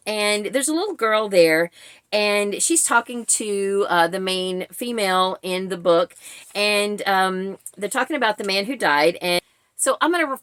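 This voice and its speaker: Woman, 40s, book reviewer; casual explanatory vlog talk with fillers; medium pitch, dry room. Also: fairly bright tone, dry recording. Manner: chatty, explanatory, with frequent fillers.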